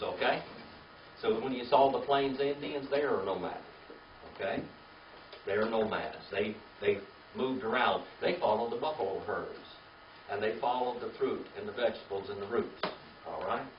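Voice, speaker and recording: A man's voice: medium pitch, slight background noise. A man teaching a Bible class, spelling out words letter by letter and having the class repeat them. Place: classroom or church meeting room. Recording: echoey room, distant mic, dull lo-fi.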